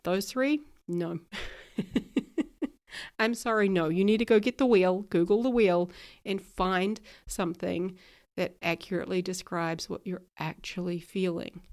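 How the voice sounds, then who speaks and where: Chatty low-voiced woman coaching listeners. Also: unhurried, darkish tone. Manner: chatty, direct, laughs at herself. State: recovering from illness, little voice. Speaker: podcast host, ADHD coach. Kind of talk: casual solo podcast talk.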